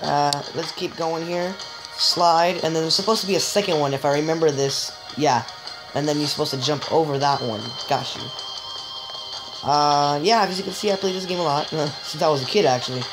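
A woman giving joking, excitable let's-play commentary, chatting straight to viewers and letting out sudden high yelps. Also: moderate pace, poor audio. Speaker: gamer. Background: game music.

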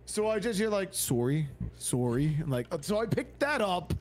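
High-voiced man chatting with faint hiss. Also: big pitch swings, fairly quick. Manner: chatty, joking storyteller. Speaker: stream chat moderator. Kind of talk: casual stream chat.

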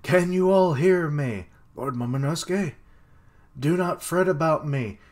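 A young boy lord speaks up bravely, pitched high and loud, earnest and defiant, voiced by a man reading a comic. Every line is declaimed with raised intensity. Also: moderate pace, close to an everyday voice.

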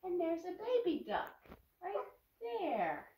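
A woman's voice: very high voice, very animated, measured pace, muffled recording, background noise. An older woman leading small children through a farm-animal sing-along, asking patient, coaxing questions. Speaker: guest reading to children. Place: library. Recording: echoey room, far from the mic.

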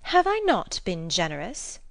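A woman's voice: fairly low pitch, wildly swooping pitch, a little slow, gravelly, a bit bright, dry recording, heavily acted. A woman reading the part of a proud, romantic young Bulgarian lady in an audiobook drama, haughty and scornful.

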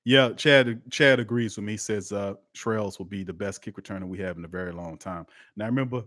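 A man, hosting a live-streamed sports talk show and chatting with his viewers, swinging between loud outbursts and quiet asides. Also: fairly low pitch, brisk, no echo, studio quality. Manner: lively and conversational, talks to chat, swings from loud to quiet.

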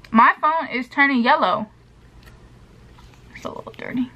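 A woman's voice: fairly high pitch, expressive, normal speed, sharp tone. A woman of twenty-one, answering get-to-know-me questions in a casual, sassy vlog while chewing gum. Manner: chatty, sassy, playful asides to viewers. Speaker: beauty vlogger.

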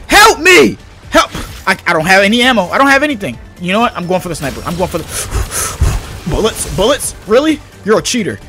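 A young man doing casual gameplay commentary as a gaming YouTuber, excitable and slangy, yelping and shouting at the game. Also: on the high side.

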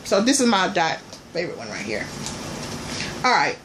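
A woman vlogger chatting casually and playfully to her viewers, calling them y'all, with loud bursts between quieter asides. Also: lowish voice, moderate pace, noisy background. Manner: animated, swings between soft asides and loud exclamations.

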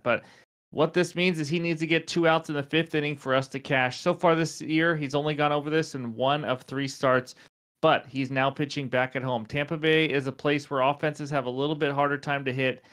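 A man's voice: medium pitch, fairly bright tone, clear, resonant tone. A man hosting a sports betting show, going through picks in a casual, chatty way with stats and fillers, and losing his voice. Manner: chatty, fillers and stat rundowns. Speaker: sports betting podcast host.

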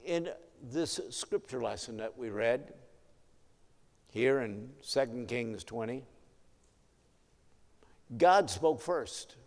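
A male pastor preaching an evening sermon, telling the story in a measured way and letting his voice swell and drop for emphasis. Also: medium pitch, a little mellow. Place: church sanctuary. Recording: long hall reverb.

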